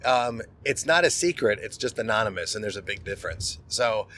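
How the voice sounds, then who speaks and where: A man's voice: fairly low pitch, animated, brisk, bright, forceful tone. A middle-aged man, a podcast host, telling a personal story in a candid, conversational monologue and often restarting words.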